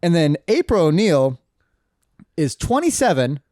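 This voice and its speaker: A man's voice: on the high side, very animated, a little slow, a little mellow, no echo, clean studio sound. A man co-hosting a podcast, chatting casually, laughing often and telling stories about his job. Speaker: podcast co-host. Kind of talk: casual chat.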